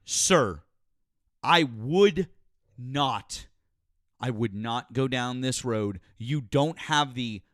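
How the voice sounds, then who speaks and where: Man, call-in host, blunt, combative, foul-mouthed, lively voice, dry sound. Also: mid-range voice, extremely slow, long pauses, no room sound. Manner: blunt, combative, swears a lot. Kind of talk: heated call-in debate.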